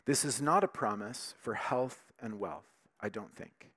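A pastor with a lowish voice preaches unhurriedly, his delivery emphatic and animated. Between the louder stretches, he drops into quiet, intimate tones.

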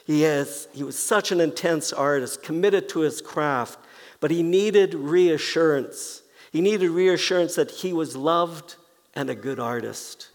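Gravelly pastor in a reverberant church. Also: male voice, on the high side. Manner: slow, deliberate preaching with soft repeated phrases. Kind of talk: sermon. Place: church sanctuary. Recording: long reverb of a church hall.

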